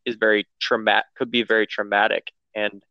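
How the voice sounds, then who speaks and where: A man's voice: lowish voice, flat delivery, a little fast, pushed and bright, no echo. A man hosting an interview, answering a guest with searching, repeated words. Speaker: host. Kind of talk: podcast interview. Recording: muffled lo-fi sound.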